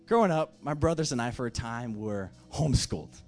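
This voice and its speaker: A man's voice: medium pitch, lively intonation, brisk, soft background music. A man preaching a sermon as pastor, impassioned, with emphatic repeated phrases.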